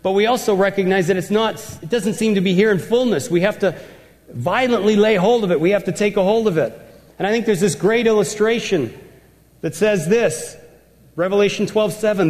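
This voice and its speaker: High-voiced preacher in a reverberant hall. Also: male voice, brisk, darkish tone. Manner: emphatic, repeats words for effect. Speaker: pastor. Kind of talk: sermon.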